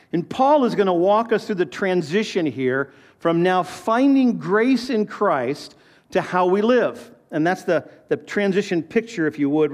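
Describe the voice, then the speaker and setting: A man in his fifties delivers a sermon with a notably high voice. He keeps it conversational, telling family stories and asking his listeners questions as he goes. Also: darkish tone. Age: 50s. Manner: conversational preaching with personal stories and questions to the congregation. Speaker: pastor.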